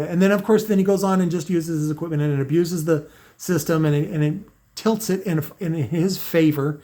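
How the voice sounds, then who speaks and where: A man with a fairly high voice ranting straight to camera. He rambles, keeps restarting his sentences and leans into sarcasm as he talks to his viewers. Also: brisk, mellow. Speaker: car audio video maker. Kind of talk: unscripted rant to camera.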